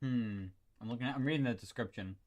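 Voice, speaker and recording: A man streaming, reacting casually to a video he is watching, talking in excitable, rambling bursts. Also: mid-range voice, quick pace, no echo. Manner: excitable, rambling, with many restarts.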